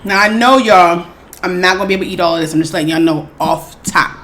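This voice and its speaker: A woman hosting an eating show, chatting casually and excitedly to her viewers, calling them y'all. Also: fairly low pitch, quick pace. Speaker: mukbang host.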